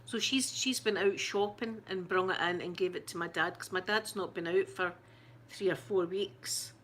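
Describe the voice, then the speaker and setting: Close to tears and clearly shaken, the Scottish ASMR host stumbles through a casual live chat with viewers, restarting often and filling pauses. Her voice sits fairly low, with fairly even intonation and a fairly bright tone, against slight background noise.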